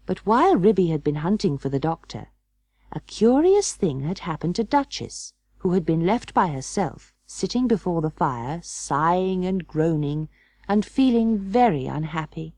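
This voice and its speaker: A woman reading a children's storybook aloud as an audiobook narrator, in a gentle, measured storytelling manner. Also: fairly low pitch, very animated, no echo.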